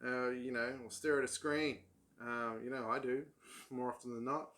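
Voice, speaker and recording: A man's voice: mid-range voice, steady tone, normal speed, a bit bright. A man vlogging about his old paperbacks in casual, rambling talk full of ums and restarts. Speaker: book vlogger. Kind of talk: casual chat.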